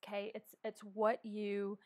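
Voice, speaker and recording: A woman's voice: medium pitch, monotone, unhurried. A middle-aged woman hosting a casual live coffee chat from home, talking earnestly with many restarts and ums, on a clip-on microphone. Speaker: vlog host. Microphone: wearing a microphone.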